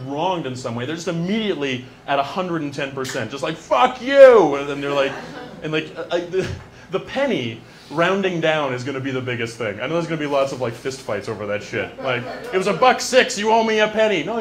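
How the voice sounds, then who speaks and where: Speaking a little high, a comic works a small room with a handheld microphone. His stand-up is deadpan and wry, sprinkled with fast asides.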